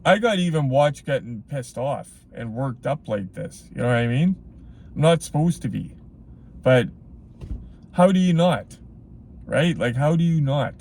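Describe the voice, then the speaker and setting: A man's voice: medium pitch, expressive, a little slow, creaky, pauses often, darkish tone, a little hiss or hum. A man talking straight to his viewers in a casual vlog, blunt and rambling, full of "like" and "you know what I mean". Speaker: collectibles vlogger.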